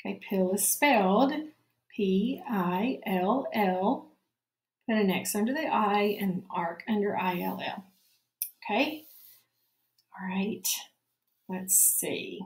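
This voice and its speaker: Slow, careful woman teacher, echoey room. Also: mid-range voice. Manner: slow, clear dictation, repeating each word. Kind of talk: spelling lesson for young children.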